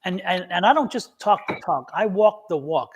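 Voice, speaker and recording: Storytelling male tarot host, high voice. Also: expressive, normal speed, husky. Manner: rambling, acts out both sides of a phone call. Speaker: tarot reader, show host. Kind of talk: casual storytelling on a live stream.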